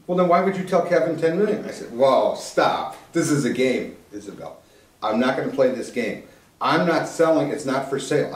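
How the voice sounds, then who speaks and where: An older man speaks at a middle pitch, telling a business story to an audience and voicing the people he quotes. He is recorded from some distance in an echoey room. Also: darkish tone. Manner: conversational, acts out quoted dialogue. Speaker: keynote speaker. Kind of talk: storytelling talk.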